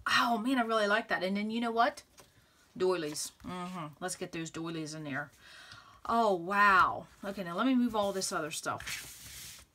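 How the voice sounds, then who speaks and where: A woman hosting a scrapbooking video, chatting excitedly and thinking aloud as she arranges papers, laughing often. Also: mid-range voice. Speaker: scrapbooking channel host. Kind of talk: casual crafting tutorial chat.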